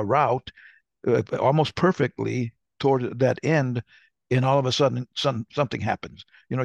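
Gravelly older man telling rambling stories. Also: mid-range voice, no room sound, highs cut off. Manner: rambling, self-correcting storyteller. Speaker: podcast co-host. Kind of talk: casual conversation.

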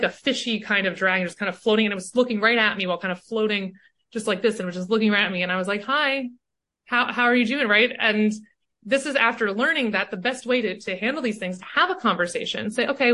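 Bright-voiced woman coach, animated. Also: medium pitch, fast. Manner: animated, often tags "right?". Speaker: guest, coach. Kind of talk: casual conversation.

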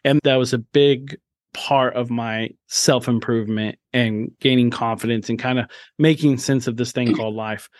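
A man's voice: medium pitch, fairly even intonation, normal speed, dry recording. Male host, 30s, mid-range voice, open and earnest, restarts a lot, dry sound. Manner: earnest and open, with frequent restarts and emphatic bursts. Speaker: podcast host. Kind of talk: candid personal storytelling in an interview.

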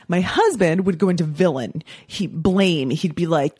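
A middle-aged woman hosts a casual solo podcast, talking bluntly and swearing freely as she mocks people's excuses. Her voice swings widely in pitch as she slips into little mocking voices for quoted excuses. The close recording is dry, with no room sound. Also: lively intonation, moderate pace, few pauses, mellow, breathy edge, no echo. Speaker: podcast host and coach.

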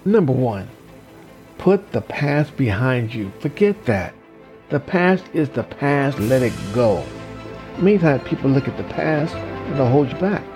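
A man giving a slow, deliberate motivational talk, counting off numbered points with emphasis. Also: medium pitch, very animated, over music. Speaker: motivational speaker.

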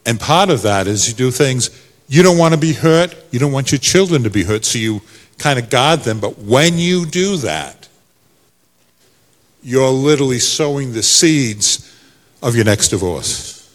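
A male pastor, preaching a sermon that swings from soft to loud. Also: mid-range voice, expressive, unhurried, in a large hall.

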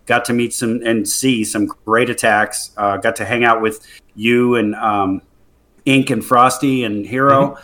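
Bright-voiced man chatting about gaming. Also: medium pitch, steady tone, a little slow. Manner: rambling, many fillers and restarts. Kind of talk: casual gaming chat.

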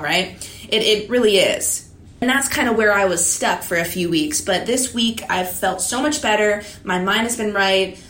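A woman's voice: mid-range voice, a bit bright. A woman giving a candid motivational talk to her viewers, blunt and confiding, swearing often. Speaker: vlogger. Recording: echoey room.

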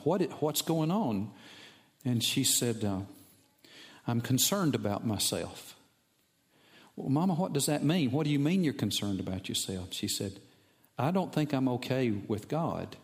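A middle-aged preacher delivers a sermon in a plain, mid-pitched man's voice. He moves between easy storytelling and bursts of fervent emphasis as he drives his points home. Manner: storytelling, rising to impassioned emphasis. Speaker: pastor.

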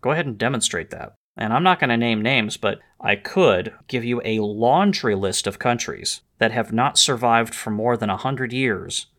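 The host of a history and politics show, a man with a medium-pitched, fairly bright voice, lectures emphatically on the Second Amendment at a moderate pace with few pauses. Quotations get read aloud with extra stress.

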